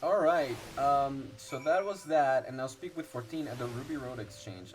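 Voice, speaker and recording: A man's voice: medium pitch, moderate pace, few pauses, faint music behind. A man chatting casually while streaming a game, rambling and laughing often.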